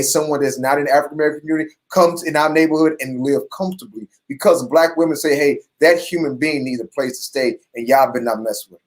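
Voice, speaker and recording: A man speaking as a panelist on a video call, earnest and often repeating his phrases. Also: mid-range voice.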